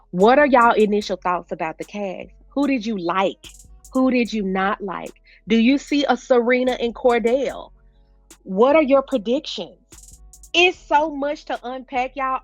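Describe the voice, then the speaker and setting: A woman's voice: a little high, dry recording. A woman vlogger giving a casual, chatty recap of a reality show, talking straight to her viewers with informal slang. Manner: chatty, addresses viewers as "y'all".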